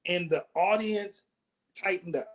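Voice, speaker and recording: Male host, high voice, animated chatty storyteller, casual interview. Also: a little slow. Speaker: comedy show host and producer.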